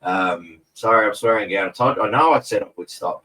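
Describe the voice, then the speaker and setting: An Australian man hosts a casual live stream from a room at home in front of a TV, rambling in a laid-back way and swearing freely. His lowish voice is brisk and sharp-toned. A camera mic set back from him gives a distant, low-quality recording.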